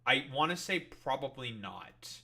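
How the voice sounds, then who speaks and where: A man's voice: mid-range voice, animated, unhurried, gravelly, pushed and bright. A man streaming and reacting to news clips, ranting in heated, profane, rambling political commentary full of fillers.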